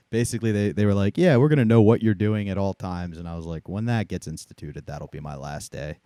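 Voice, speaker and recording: A man's voice: low voice, brisk, warm tone, dry recording. A man telling casual stories on a comedy podcast, dry and laid-back. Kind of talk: casual chat.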